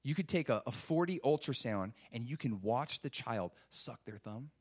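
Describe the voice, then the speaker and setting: A man's voice: mid-range voice, lively intonation, normal speed, breathy edge. A man preaching a sermon, emphatic and full of rhetorical questions. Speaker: pastor.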